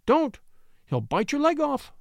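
A man voicing an anxious young widow in a storybook reading, plaintive and quick to scold. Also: sits high, wildly swooping pitch, gravelly, a little mellow, no room sound, studio quality, heavily acted. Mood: pleading, anxious.

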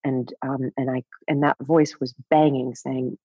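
A woman's voice: extremely low pitch, level tone, unhurried, warm tone, breathy edge, no room sound, lo-fi sound. A woman in her fifties, a guest author speaking candidly in an interview, laughing often and swearing casually. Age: 50s.

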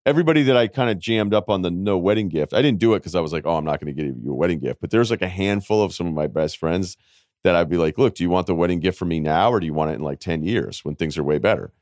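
A man in his forties hosting a casual podcast, telling rambling stories with wry self-mockery and quick asides. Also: low-pitched, a little mellow, no echo, clean studio sound. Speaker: podcast host.

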